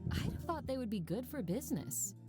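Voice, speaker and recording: A woman's voice: on the high side, big pitch swings, fairly quick, over loud music. A woman voicing a wry young woman writer on a spooky vacation in a game.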